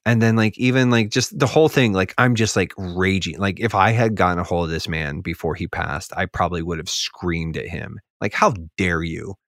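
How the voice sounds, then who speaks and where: A man's voice: deep voice, fairly quick, hardly any pauses, fairly bright tone, no room sound, studio quality. A man talking on a casual podcast, rambling with lots of filler words and getting heated as he goes. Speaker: podcast speaker.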